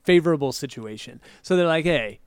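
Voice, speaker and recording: Man, podcast co-host, casual chat, rambling, laughs a lot, slightly high voice, dry close mic. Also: lively intonation, moderate pace, clean tone, no echo. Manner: rambling, laughs often, acts out quoted lines.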